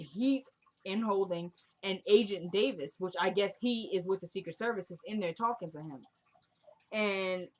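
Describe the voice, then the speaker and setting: A woman casually recapping a TV drama episode, retelling the scenes and quoting the characters in a chatty, opinionated way. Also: medium pitch.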